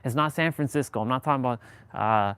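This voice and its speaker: A man's voice: medium pitch, racing, a bit bright, clean tone, no echo. A man from Southern California hosting a livestream, chatting casually in a rambling way, full of fillers and casual swearing. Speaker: livestream host. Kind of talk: casual chat. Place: indoors, away from the city he talks about.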